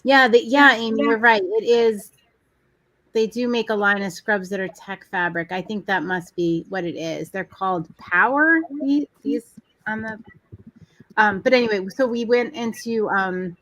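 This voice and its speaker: Animated woman co-host telling a story. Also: mid-range voice, measured pace. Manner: animated storytelling, acts out quoted people. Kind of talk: casual chat.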